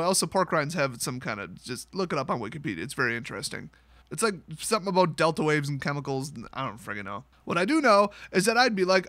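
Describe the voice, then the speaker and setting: A man's voice: high voice, pushed and bright, no room sound. A man hosting a comedic news rant, sarcastic, often laughing and acting out quotes. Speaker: host.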